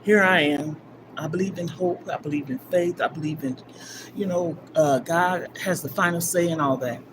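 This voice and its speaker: An older woman hosting a live stream, telling a personal story in a rambling, emphatic way, from loud bursts down to near-whispers. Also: fairly low pitch, normal speed. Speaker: livestream host. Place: gym. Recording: livestream with clear background noise.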